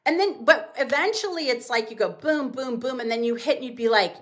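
A middle-aged woman, a business owner guest on a podcast, telling casual stories and acting out quotes with big jumps in pitch. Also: fast, hardly any pauses, a bit bright. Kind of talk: casual storytelling in an interview.

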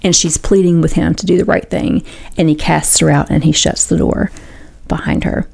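A woman's voice: deep voice, steady tone, moderate pace, vocal fry, a little mellow, husky. A woman hosting a faith radio talk show, earnestly retelling a story with many fillers and restarts. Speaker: host.

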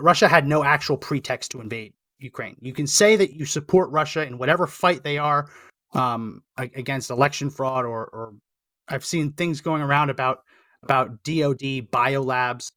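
Male political show host, earnest and emphatic, bright tone, dry close studio mic. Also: medium pitch, no room sound. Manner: earnest and emphatic, repeats phrases for stress. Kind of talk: opinionated political commentary.

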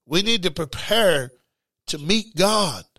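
A middle-aged man preaches a loose, conversational sermon to his broadcast listeners. His voice sits high and sounds bright and forceful, with a dry, close sound. He repeats words and breaks into shouts. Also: lively intonation, slow pace, gravelly, dry recording.

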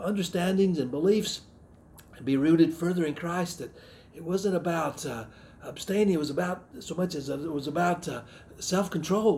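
A middle-aged man from the Southern United States giving a personal testimony in a sermon, earnest and reflective, often pausing and restarting his sentences. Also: fairly high pitch, darkish tone, slight background noise. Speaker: missionary speaker giving testimony.

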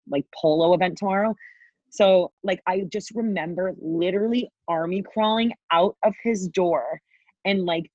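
Frank woman podcast guest in her twenties, swears freely, lowish voice on a dull dry recording. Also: no echo. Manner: candid, swears freely, acts out quotes. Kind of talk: casual storytelling.

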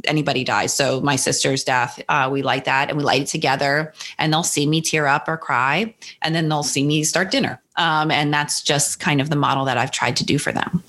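Mom from jersey on a podcast, low voice, open and reflective, talking about her family. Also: fairly even intonation, fairly quick, hardly any pauses. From New Jersey. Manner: reflective, candid, acts out her son's lines brightly. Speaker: guest, author. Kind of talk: personal storytelling in an interview.

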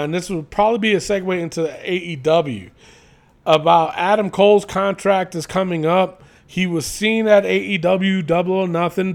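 With a high, gravelly voice, this podcast co-host rants his way through casual wrestling chat. He is animated and swears throughout.

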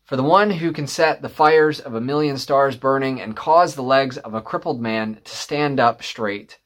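A young man preaches a sermon in a medium voice. His delivery is conversational, with frequent pauses and "uh" fillers between phrases. He tells his story in a plain, earnest way and leans harder on key points as he preaches. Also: mid-range voice, a bit bright. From northern Michigan. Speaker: pastor.

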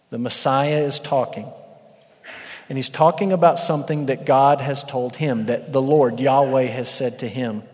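A man preaching an expository sermon as pastor, animated and building to shouts for emphasis. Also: mid-range voice. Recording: long reverb of a large hall.

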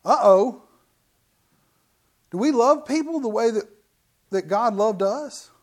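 A man's voice: extremely high pitch, animated, slow pace. A middle-aged man preaching a sermon as pastor, in a folksy, joking, conversational way.

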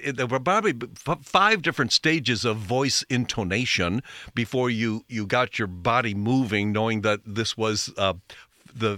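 A man's voice: fairly low pitch, bright, forceful tone, dry recording, studio quality. A man giving a folksy, rambling talk show monologue as host. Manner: folksy, rambling, self-correcting.

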